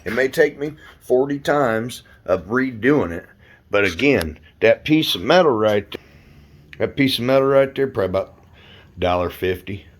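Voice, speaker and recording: In a home garage, a man with a medium-pitched, expressive voice shoots a casual workshop vlog on his phone at normal speed. A roofer who builds cars as a hobby, he rambles, swears, and sounds fed up.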